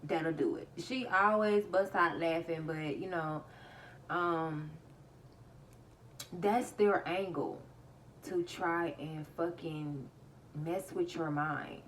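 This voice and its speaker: A woman's voice: lowish voice, slow pace, pauses often, far from the mic, a little hiss or hum, rough recording. Laughing woman telling a story. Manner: laughs often, animated retelling. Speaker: vlogger. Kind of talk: casual storytelling to viewers.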